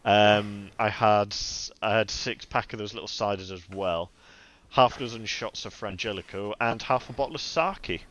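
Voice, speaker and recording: A man's voice: fairly low pitch, moderate pace, fairly bright tone, dull audio, a little hiss or hum. A man co-hosting a casual podcast chat, rambling and laughing often, restarting his words. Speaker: podcast co-host.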